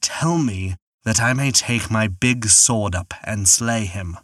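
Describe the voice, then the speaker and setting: A man voicing a kindly old giant in a storybook reading, speaking low, soft and unhurried. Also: dry recording, clean studio sound. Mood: angry. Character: kindly old male giant, gentle, later awed.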